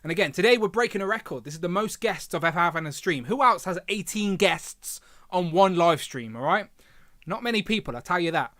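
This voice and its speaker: A man's voice: high voice, lively intonation, a little fast, fairly bright tone, no room sound, clean studio sound. A man hosting a casual livestream, chatting and reading viewer comments aloud with filler hums. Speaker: livestream host.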